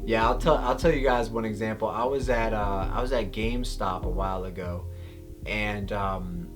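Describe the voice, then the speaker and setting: A man's voice: lowish voice, normal speed. Young man, youth pastor; casual storytelling devotional, faint background music. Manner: conversational, storytelling, earnest.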